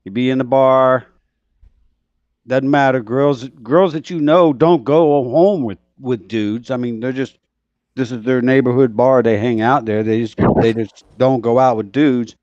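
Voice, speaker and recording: A man's voice: medium pitch, unhurried, darkish tone, no room sound. Man telling bar stories on a dull, dry call. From United States. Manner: storytelling, conversational. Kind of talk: casual chat.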